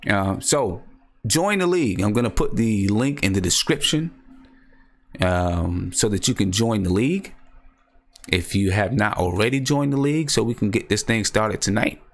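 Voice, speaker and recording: A young man with a somewhat low voice hosts a live stream. He talks in a loose, excited way, circling back to the same points and reading out viewer comments as he goes. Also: moderate pace. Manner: excitable, repeats himself, reads chat aloud. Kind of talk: casual live stream chat.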